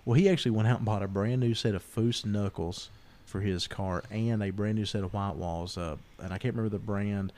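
A man's voice: lowish voice, a little fast, hardly any pauses. A man, a podcast host telling stories in casual chat and acting out the people he quotes. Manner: animated storyteller, acts out quoted voices.

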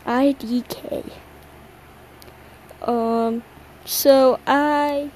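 Tired young woman chatting slowly. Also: sits high, fairly even intonation, darkish tone, slight background noise, rough recording. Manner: rambling, slangy and self-mocking, yawning between thoughts. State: tired late at night. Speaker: podcast host. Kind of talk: casual solo chat.

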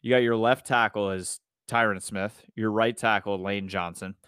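A man's voice: on the low side, steady tone, moderate pace, a bit bright, clean tone, no echo, studio quality. A married man co-hosting a casual sports podcast, telling stories in a laid-back way. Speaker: podcast co-host.

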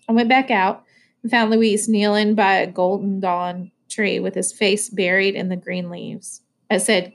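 A woman reading a novel aloud in a plain, even first-person narration. Her voice sits at a middle pitch, and she keeps a steady, unhurried storytelling tone. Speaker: audiobook reader.

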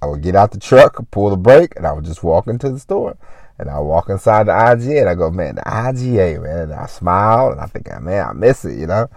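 Low-voiced guy rambling on his podcast, says you know a lot, dry sound. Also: sing-song, brisk, vocal fry, a little mellow, no room sound. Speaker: podcast host. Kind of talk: casual motivational monologue.

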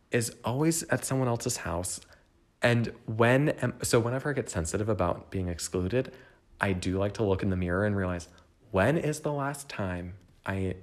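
A young man talks alone into the mic from his home, his voice sitting a little low for a man. He rambles candidly, peppering his thoughts with "like" and "um," and often turns to speak directly to whoever is listening. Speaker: podcast host. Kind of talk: casual solo reflection.

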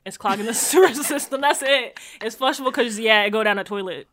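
A woman in her twenties from the United States co-hosting a podcast in casual, slangy, animated chat, laughing often. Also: a little high, fairly quick. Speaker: podcast co-host.

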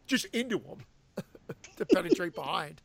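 A man's voice: sits high, normal speed, gravelly, no room sound. A man co-hosting a casual movie chat, reminiscing with lots of fillers. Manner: relaxed, reminiscing, trailing fillers. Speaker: podcast co-host.

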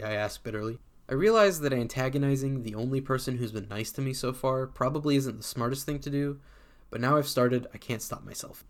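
A man's voice: medium pitch, brisk. A man reading a first-person story aloud in a casual, sardonic voice that swears freely. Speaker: community reader.

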